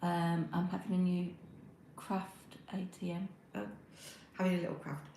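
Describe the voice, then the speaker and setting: A woman's voice: on the low side, steady tone, normal speed, gravelly, dark tone, roomy sound, slight background noise, rough recording. A middle-aged British woman chatting on a crafting livestream while she knits, rambling with lots of ums and reading out chat messages. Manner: rambling, friendly, many ums, talks while knitting. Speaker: crafting live-streamer. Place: home room.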